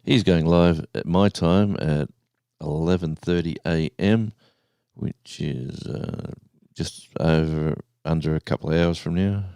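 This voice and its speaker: Deep gravelly man in his sixties. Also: mellow, no room sound. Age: 60s. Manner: rambling, halting, with many restarts and fillers. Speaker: live stream host. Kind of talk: casual live-stream chat, reading out viewers' comments.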